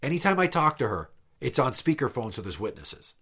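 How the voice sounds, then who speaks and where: A man's voice: mid-range voice, very animated, a little fast, pushed and bright, breathy edge. A man hosting a podcast, telling a long story in a blunt, profane, exasperated way. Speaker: podcast host. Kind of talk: casual storytelling chat.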